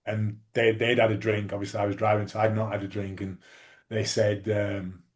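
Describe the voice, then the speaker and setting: A man's voice: fairly low pitch, flat delivery, moderate pace. A man, a former rugby league player telling stories as an interview guest, rambling with lots of fillers and restarts. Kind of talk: casual interview storytelling.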